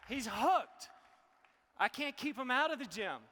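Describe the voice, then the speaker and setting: High-voiced emotional motivational speaker, man. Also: lively intonation, unhurried, bright, forceful tone, a faint crowd, slight background noise. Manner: emotional, preachy motivational delivery. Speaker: health speaker presenting to an audience. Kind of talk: live stage presentation. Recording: hall reverb.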